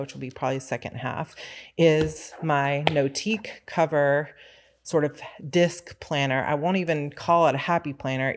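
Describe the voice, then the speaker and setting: A woman's voice: sits low, slight background noise. Chatty woman showing off her planners. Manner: relaxed, rambling, with small laughs and asides. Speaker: author and planner vlogger. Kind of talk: casual chatty show-and-tell.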